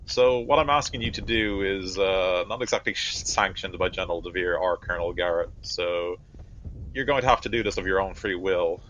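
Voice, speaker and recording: A man voicing a stern male army captain who gives orders in measured phrases broken by frequent pauses. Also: low voice, fairly bright tone, lo-fi sound, a little hiss or hum. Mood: commanding.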